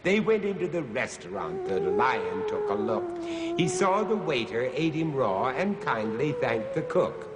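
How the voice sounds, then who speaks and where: A man's voice: a little high, huge pitch swings, measured pace. A man playing a comic verse reciter who delivers a rhyme in a giggling, sing-song way. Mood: gleeful. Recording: loud hiss, old TV tape.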